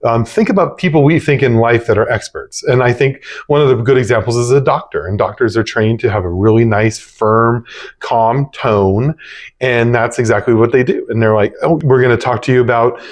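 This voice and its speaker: A man's voice: medium pitch, normal speed. A man who runs a business, talking casually and conversationally about sales techniques and now and then acting out cheerful phone greetings. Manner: relaxed, conversational, demonstrates upbeat phone greetings. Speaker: business owner teaching sales. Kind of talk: casual instructional talk.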